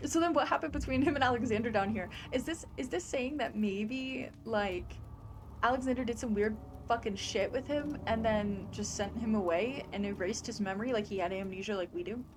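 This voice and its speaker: A woman gaming streamer with a somewhat high voice, talking through a horror game as she wonders aloud and reacts with startled outbursts. Her commentary is chatty and unscripted, with clear background noise under it. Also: a little fast. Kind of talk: let's play commentary.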